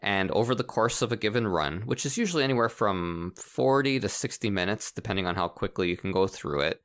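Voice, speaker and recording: A man co-hosting a casual podcast, explaining a game in an animated way and laughing often. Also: on the low side, fairly quick. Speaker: podcast co-host. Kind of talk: casual chat about video games.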